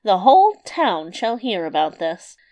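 A woman voicing a boastful, cheerful little male tailor in a storybook reading, loud and emphatic. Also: mid-range voice, big pitch swings, a little slow, lo-fi sound. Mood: proud. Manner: bright, cocky, emphatic boasting.

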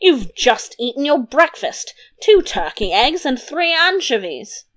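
A woman voicing a grumpy, pompous king who blusters and bickers, in a slightly lower version of her own voice. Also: sing-song, unhurried, a bit bright, exaggerated voice. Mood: grumbling, bickering. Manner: gruff, blustering. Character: grumpy, pompous middle-aged king who hates puns.

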